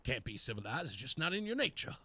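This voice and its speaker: Mocking, animated male radio host. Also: medium pitch, fast talker, slightly rough. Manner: taunting, sarcastic, mocking. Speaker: radio talk show host. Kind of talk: talk radio monologue.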